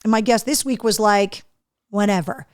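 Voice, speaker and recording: A woman's voice: mid-range voice, moderate pace, smooth, dry recording, studio quality. A woman hosting a live show, chatting casually, reading out viewer comments with a case of the hiccups. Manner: chatty, animated, reads comments aloud. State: has the hiccups. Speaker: radio and podcast host.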